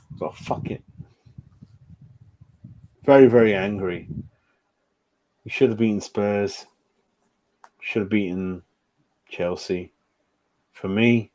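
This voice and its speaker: A man's voice: low-pitched, mellow. A man hosting a football fan channel, giving a rambling, swear-filled live-stream reaction to a match. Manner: ranting, heavy swearing, rambling asides.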